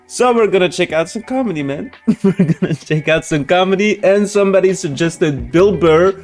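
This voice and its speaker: A man's voice: sits high, expressive, normal speed, a little mellow, faint music behind. A man hosting a reaction video, talking casually, swearing and laughing often.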